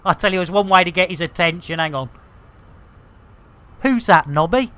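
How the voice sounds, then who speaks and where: A man's voice: high-pitched, normal speed, sharp tone. A middle-aged man with an English accent chatting casually and animatedly while streaming, swearing freely and ranting. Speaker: game streamer.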